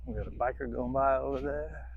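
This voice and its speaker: A man's voice: mid-range voice, level tone, a little fast, creaky, narrow, tinny audio, a little hiss or hum. A man training a dog outdoors, rambling casually to the camera, swearing freely and breaking off to give the dog commands.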